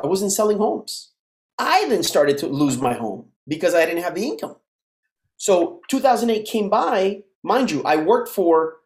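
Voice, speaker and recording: Animated man telling stories in a roomy space. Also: sits high. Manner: animated storyteller who acts out dialogue. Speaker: podcast guest. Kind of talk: casual storytelling interview. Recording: roomy echo.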